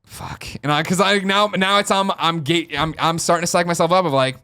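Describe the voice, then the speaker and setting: An American man telling a story on a casual podcast, acting out the quoted lines with sudden loud outbursts. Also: fairly high pitch, quick pace, clean tone. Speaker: podcast host.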